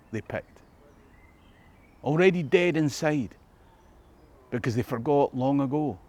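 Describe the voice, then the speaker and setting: A man with a Scottish accent, a history tour guide narrating in a reflective tone with rhetorical questions. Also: mid-range voice. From Scotland. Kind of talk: scripted documentary narration.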